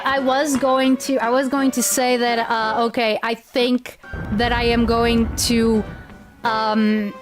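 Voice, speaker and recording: Slow-talking, self-mocking woman streamer. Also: fairly high pitch, poor audio. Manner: rambling, self-mocking, many restarts. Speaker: VTuber game streamer. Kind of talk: casual gameplay commentary.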